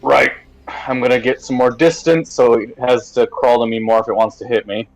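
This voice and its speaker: A man's voice: medium pitch, lively intonation, normal speed, lo-fi sound. Chatty joking man playing a tabletop game. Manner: chatty, jokey, says "right then". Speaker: player. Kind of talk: casual tabletop game chat.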